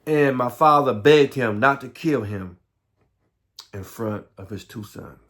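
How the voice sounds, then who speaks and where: A middle-aged man with a Southern American accent, telling his life story in a halting way, with many repeats and restarts, sometimes dropping to a low murmur. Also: a bit bright. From Southern United States. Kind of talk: personal life story monologue.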